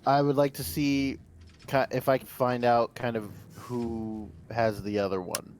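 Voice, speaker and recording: A man taking his turn as a player in a tabletop role-playing game, his voice mid-pitched and plain. He hesitates often, restarts sentences and fills gaps, with a faint background noise. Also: level tone, unhurried, a little mellow. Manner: hesitant, restarting, many fillers.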